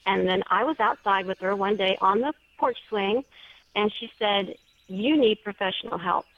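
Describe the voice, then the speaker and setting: A woman author earnestly recounts a story as an interview guest, at a middling pitch. The sound is dull and lo-fi, with a dry, close feel. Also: moderate pace, a bit bright, no echo.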